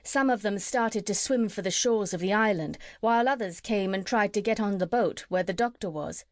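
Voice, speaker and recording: A woman narrating a classic children's story as an audiobook reader, steady and clear. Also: medium pitch, dry recording. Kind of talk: scripted narration.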